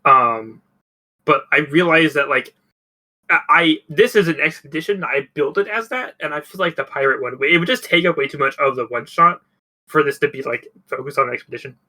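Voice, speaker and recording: A man's voice: fairly high pitch, fairly quick, pushed and bright, poor audio. A man running a tabletop game as game master, narrating loosely with many ums and restarts. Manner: rambling with many fillers.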